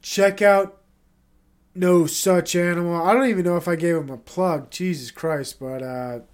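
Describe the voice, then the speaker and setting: A man's voice: sits high, steady tone, unhurried. A congested man hosting his own podcast, rambling in a casual solo monologue, self-critical and swearing often. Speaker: podcast host.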